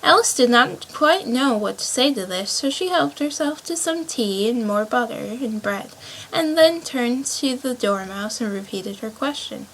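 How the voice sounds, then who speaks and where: A woman narrating a storybook aloud, dropping to a quieter, lower voice for the narration. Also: lively intonation, unhurried, a little hiss or hum, low-quality recording.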